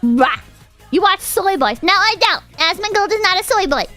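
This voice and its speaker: A woman's voice: extremely high pitch, lively intonation, a little fast, sharp tone, soft background music. A young woman streamer chatting casually, rambling and swearing as she rants and thanks donors. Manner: rambling, profane, ranting. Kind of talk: casual livestream chat.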